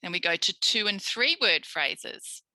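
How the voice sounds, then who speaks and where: Very animated yet unhurried, an Australian woman demonstrates speech sounds in a live online tutorial, cheering listeners on the way a speech pathologist would with small children. Her voice is bright and medium in pitch, captured close on a dry mic, but the audio is poor.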